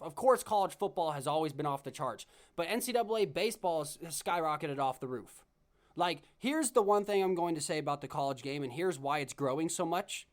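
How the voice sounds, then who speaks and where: A young man hosts a solo sports podcast, rambling and chatty, often doubling back on his words. His voice sits a little high for a man. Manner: chatty, rambling, repeats himself and restarts. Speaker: podcast host.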